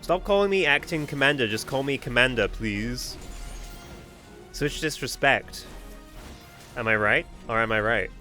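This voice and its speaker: A man streaming a game, joking around and reading its dialogue aloud with quick quips. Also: medium pitch, pushed and bright, faint music behind. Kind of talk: casual game commentary.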